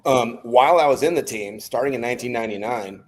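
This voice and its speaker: A man's voice: medium pitch, quick pace. A man in his fifties, a former Navy SEAL guest telling stories from his life in a casual interview and laughing between anecdotes. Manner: animated storyteller who laughs between anecdotes.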